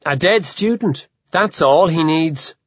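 Expressive audiobook narrator, dry and muffled. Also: medium pitch, dry recording. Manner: measured, expressive storytelling.

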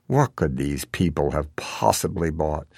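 A man narrates a novel with a wry, sardonic edge. His voice is very low and gravelly, recorded dry and close with no room sound. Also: expressive, a little slow, darkish tone, no echo. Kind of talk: audiobook narration.

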